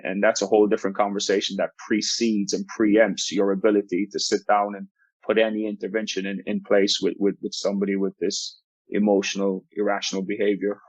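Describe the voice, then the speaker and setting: Low-voiced coach telling a story, dull dry sound. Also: male voice, dry recording. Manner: earnest, explanatory, frequent restarts and repeated words. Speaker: basketball coach.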